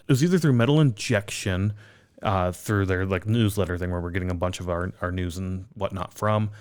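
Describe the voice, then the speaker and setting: A man's voice: on the low side, clear, resonant tone. A man co-hosting a podcast, chatting casually and rambling, swearing freely. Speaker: podcast co-host. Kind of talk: casual chat.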